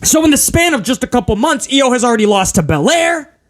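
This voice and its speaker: A man's voice: very high-pitched, very animated, brisk. A man hosting a casual wrestling review podcast, ranting in an exasperated way with stammered restarts. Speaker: podcast host.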